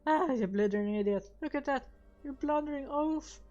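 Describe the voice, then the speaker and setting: A woman's voice: medium pitch, moderate pace, natural voice. A woman voicing a haughty, scolding male goblin gunner, with dull audio and game music behind her.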